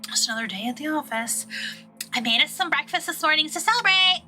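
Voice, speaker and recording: A woman's voice: high-pitched, expressive, a little fast, sharp tone, soft background music, pitched above the performer's own voice, heavily acted. A woman doing a snobby, sinister young woman. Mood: chipper. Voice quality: snobby put-on accent. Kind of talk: dramatic reading of game dialogue.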